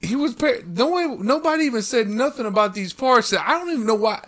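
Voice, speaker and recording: A man's voice: very high voice, expressive, fast, a bit bright. A man in casual chat, telling a workplace story with heavy swearing and acted-out quotes.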